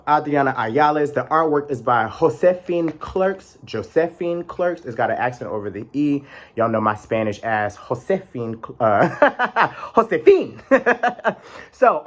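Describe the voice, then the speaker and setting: A man's voice: medium pitch, fairly bright tone. Chatty young man reviewing a deck. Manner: chatty, rambling, playful sassy asides. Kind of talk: casual vlog chat.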